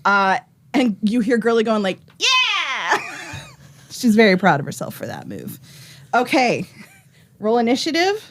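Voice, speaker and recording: A woman's voice: mid-range voice, big pitch swings, moderate pace, a little hiss or hum. A woman acting as game master, narrating a tabletop game in a joking, giggly way. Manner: giggly, joking, laughs often.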